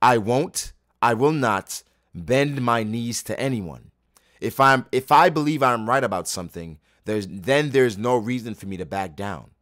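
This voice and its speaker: A man's voice: mid-range voice, expressive, a little slow, fairly bright tone, no room sound, studio quality. A man reading a manga aloud and voicing a proud, defiant young woman who speaks firmly. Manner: firm, defiant.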